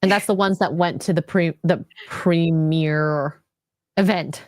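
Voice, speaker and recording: A woman's voice: on the low side, fairly even intonation, measured pace, darkish tone, no echo. Teasing woman in a dry-sounding chat. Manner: laughs often, teasing quips. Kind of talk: casual chat.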